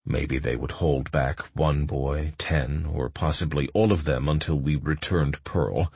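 Super deep breathy guy reading an audiobook, calm and measured, no room sound. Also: dry recording. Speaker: audiobook narrator. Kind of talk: first-person audiobook narration.

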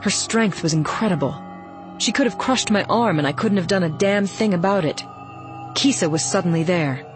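A woman reading a first-person novel aloud in a steady, even storytelling voice. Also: fairly low pitch, normal speed, over music. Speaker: audiobook narrator.

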